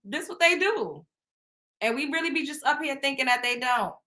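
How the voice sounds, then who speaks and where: A woman with a high, expressive voice that sounds pushed and bright hosts a relaxed chat show at a normal speed. Her storytelling is blunt and loaded with swearing, punctuated by frequent laughter.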